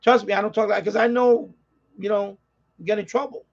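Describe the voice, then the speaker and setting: New York streamer guy, high gravelly voice, profane rambling rant, dull lo-fi sound. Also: fairly even intonation, normal speed. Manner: ranting, profane, rambling with repeats. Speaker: live stream host. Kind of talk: casual live-stream chat. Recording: slightly dull lo-fi audio.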